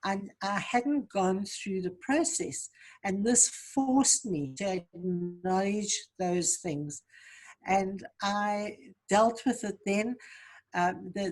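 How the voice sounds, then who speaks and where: A woman guest in an interview, speaking earnestly and reflectively about healing and giving advice. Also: lowish voice. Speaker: guest, trauma survivor coach. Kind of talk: interview answers, personal story.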